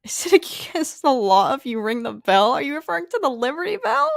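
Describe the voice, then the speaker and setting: A woman's voice: high voice, brisk, vocal fry, no room sound. Young woman rambling to chat, lots of likes and ums, dry close mic. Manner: chatty, animated, filler-heavy. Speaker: streamer answering chat. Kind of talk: casual chat.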